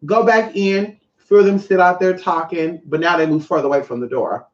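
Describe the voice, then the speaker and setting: A speaker casually telling a story to viewers, lively and profane, acting out the other people's voices. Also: medium pitch, moderate pace. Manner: animated, swears often, acts out other voices. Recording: muffled, echoey room.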